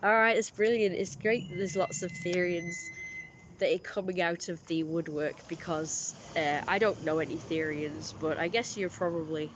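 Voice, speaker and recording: A friendly livestream host with a middling pitch, talking loosely to chat and reading out viewer messages. The speech wanders and restarts often. A faint noise sits under the voice. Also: fairly even intonation, normal speed. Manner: rambling, self-correcting, friendly.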